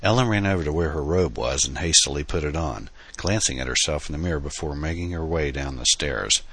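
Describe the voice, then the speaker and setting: A male audiobook narrator with an extremely deep, husky voice, reading in a steady, earnest way. His tone is forceful and tense, and the recording is dry and close with no room sound. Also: a little fast, no room sound.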